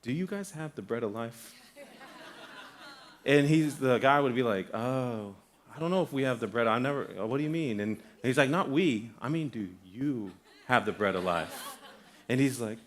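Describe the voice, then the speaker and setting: A man's voice: medium pitch, moderate pace. A young adult man preaching a sermon in a church, conversational and full of restarts, acting out the voices in his stories. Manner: animated storytelling, acts out quoted voices. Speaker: guest pastor. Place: church sanctuary.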